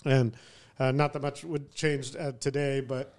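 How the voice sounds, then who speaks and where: A man recalling a family memory in casual group chat, measured and reflective. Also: mid-range voice, flat delivery, darkish tone. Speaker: podcast guest, father.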